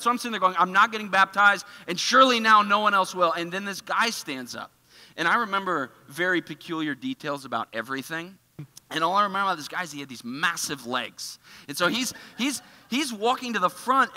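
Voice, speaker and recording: Bright-voiced man telling a sermon story. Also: high voice, long reverb tail. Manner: casual, animated, full of "like" fillers. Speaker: church speaker. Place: church auditorium.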